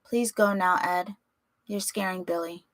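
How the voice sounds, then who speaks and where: Icy calm mother, read by a woman, measured and quiet. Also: dry recording, natural voice. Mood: coolly calm. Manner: low, even, measured.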